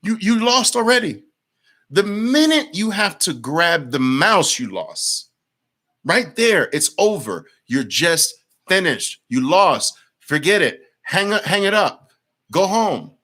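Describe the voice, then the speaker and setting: A man's voice: a little high, very animated, slow pace, bright, forceful tone. A man coaching traders in a live-streamed lesson, blunt and emphatic, repeating words for force and answering viewer comments. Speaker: trading coach.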